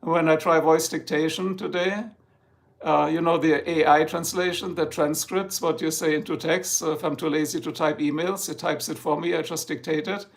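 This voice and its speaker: A man's voice: a little high, steady tone, moderate pace, gravelly. A man with a heavy German accent, German his native language, chatting casually and rambling jokily on a home livestream. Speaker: livestream host. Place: home, Ohio.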